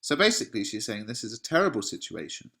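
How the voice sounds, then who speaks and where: A man's voice: mid-range voice, big pitch swings, fast talker, bright, forceful tone. A man, an English teacher, paraphrasing a play line by line in a casual way. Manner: plain paraphrasing, casual fillers.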